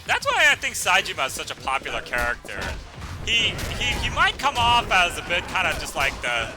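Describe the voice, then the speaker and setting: A man's voice: high-pitched, a little fast, music in the background. An American man giving rambling, casual commentary on a video game between character voices. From United States. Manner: rambling, animated, laughing. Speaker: let's play host.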